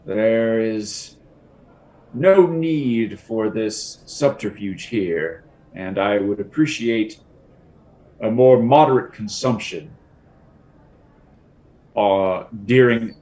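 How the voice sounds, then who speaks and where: A man voicing a stern older woman of authority who speaks in a measured, formal, clipped way. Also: fairly low pitch, pitched below the performer's own voice.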